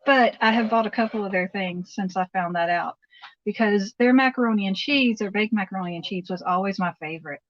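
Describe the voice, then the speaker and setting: A middle-aged woman chats and rambles as she cooks in her kitchen, answering viewers on a phone livestream. The sound is dry and slightly dull, with her voice at a middle pitch. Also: no echo. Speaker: livestream host. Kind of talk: casual chat while cooking. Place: home kitchen.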